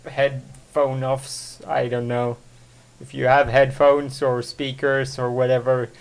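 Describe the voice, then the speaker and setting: A man's voice: medium pitch, level tone, slow, creaky, clean tone. A man hosting his own solo podcast, rambling with many fillers and self-corrections. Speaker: show host. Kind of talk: casual solo podcast monologue.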